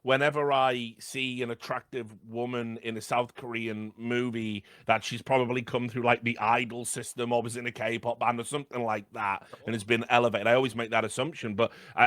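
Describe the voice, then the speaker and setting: A man's voice: mid-range voice, fairly even intonation, a little fast, few pauses, a bit bright, no room sound, clean studio sound. A man co-hosting a podcast, chatting about a film in a rambling way with lots of ums. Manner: rambling, hesitant, many fillers. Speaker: podcast co-host. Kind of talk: casual film discussion.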